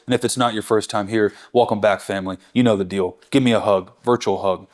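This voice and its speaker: A man's voice: fairly low pitch, fairly even intonation, fairly quick. A man in his thirties hosting a barbecue channel, talking through a hands-on cooking demonstration in an enthusiastic, chatty way and correcting himself as he goes.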